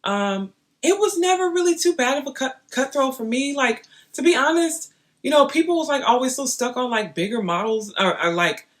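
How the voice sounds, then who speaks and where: A woman's voice: sits high, normal speed. Chatty young woman telling a story. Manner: chatty and animated, talking straight to her viewers. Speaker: vlogger. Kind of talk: casual storytelling to camera.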